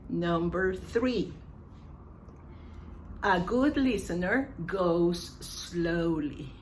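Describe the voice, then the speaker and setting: A woman's voice: fairly low pitch, drawn-out words, a little hiss or hum. A woman English teacher giving a lesson, saying each phrase carefully and repeating it for her learners.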